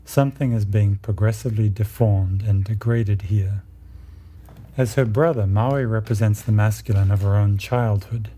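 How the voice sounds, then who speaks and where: A man with a very dark, mellow and somewhat husky voice, speaking in a low register. He lectures in a measured, explanatory way, walking listeners through ideas step by step. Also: steady tone. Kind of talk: lecture on myth and psychology.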